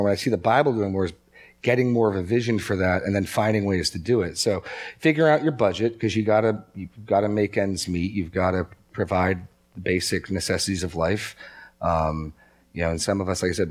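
A man preaching a sermon in a conversational way, telling stories and acting out quotes. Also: low voice. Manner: conversational, storytelling with acted quotes. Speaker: pastor.

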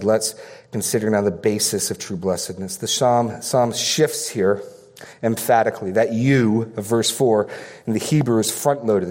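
A man's voice: mid-range voice, darkish tone, in a large hall. A man preaching a sermon as pastor, earnest and emphatic, repeating phrases for stress.

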